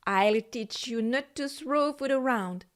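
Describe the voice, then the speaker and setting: A woman voicing a busy, stern but kind male squirrel in a children's story, talking in a brisk, scolding way. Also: on the high side. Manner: brisk and scolding, then gentle.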